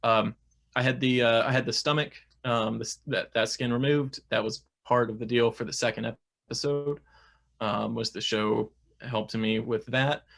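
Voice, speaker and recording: A man's voice: mid-range voice, fairly even intonation, moderate pace, creaky, a bit bright. A young man talking casually as an interview guest, chatty, with many fillers and restarts.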